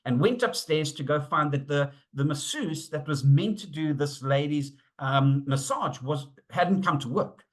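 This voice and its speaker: A middle-aged man presenting a webinar on safety, telling stories in an animated way, acting out the dialogue and using frequent fillers. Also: a little high, a little slow, few pauses. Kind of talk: storytelling talk.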